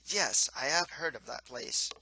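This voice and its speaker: A humble middle-aged townsman from a storybook, as a male narrator plays him. He is nervous and deferential, addressing his betters with care. The voice is very bright in a dry, close recording. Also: mid-range voice, measured pace, breathy edge, no room sound, heavily acted, poor audio.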